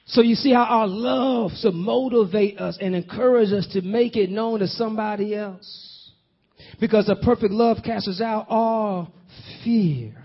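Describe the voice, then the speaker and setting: Preacher, male, high voice, call-and-response delivery, dull lo-fi recording. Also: measured pace, husky. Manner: rhythmic, building repetitions. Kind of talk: sermon.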